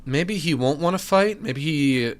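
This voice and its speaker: A man's voice: on the high side, lively intonation, measured pace. A young man giving casual, joking commentary while streaming a video game, rambling and looping silly bits. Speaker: let's-play streamer.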